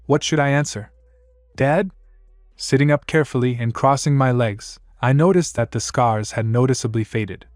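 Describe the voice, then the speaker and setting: A man's voice: mid-range voice, no room sound, clean studio sound. A man narrating a first-person fan fiction story with a wry, complaining inner monologue.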